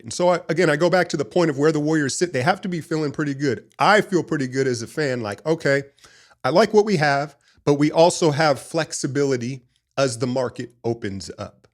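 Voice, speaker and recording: A man hosting a casual basketball talk show, rambling and opinionated in an animated fan's way. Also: on the high side. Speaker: sports podcast host. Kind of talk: casual sports commentary.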